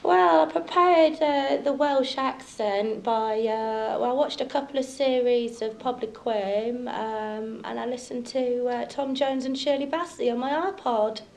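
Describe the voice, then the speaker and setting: A woman's voice: on the high side, unhurried, vocal fry, hardly any pauses, a little mellow. A woman answering a mock interview, hesitant and cheeky. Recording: echoey room.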